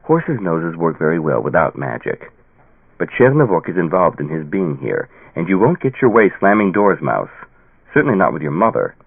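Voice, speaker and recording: A man's voice: sits low, sing-song, normal speed, gravelly, husky, no room sound, heavily acted. A man voicing a tired, patient father pleading with his daughter in an audiobook. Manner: pleading, patient, sometimes stern. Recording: tinny phone-like dry sound.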